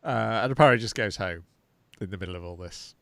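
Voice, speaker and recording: A man's voice: fairly low pitch, a little fast, gravelly, fairly bright tone, no room sound. A man co-hosting a podcast, recapping an episode casually and unhurriedly, with fillers. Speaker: podcast co-host.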